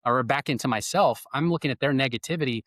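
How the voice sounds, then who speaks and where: A man's voice: mid-range voice, quick pace, a bit bright, no echo. A man who is a guest on a podcast interview, explaining ideas plainly and using spoken examples. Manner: explanatory, gives examples by stressing words.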